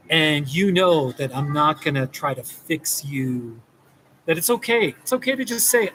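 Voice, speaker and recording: Man, therapist, casual talk to camera, rambling, reassuring, slightly high voice. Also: animated, moderate pace, fairly bright tone, slight background noise, poor audio.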